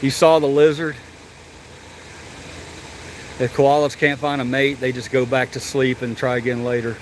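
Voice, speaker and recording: A man's voice: mid-range voice, level tone, normal speed, slight background noise, low-quality recording. Chatty man vlogging at a zoo. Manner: chatty, joking, swears and yells animal names. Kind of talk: casual vlog walkthrough. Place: outdoors at a zoo.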